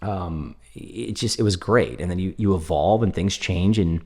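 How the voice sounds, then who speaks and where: A middle-aged man hosting a podcast, telling stories in a casual, animated way and laughing often. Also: low-pitched, measured pace. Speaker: podcast host. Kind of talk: casual conversational interview. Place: podcast studio in an office.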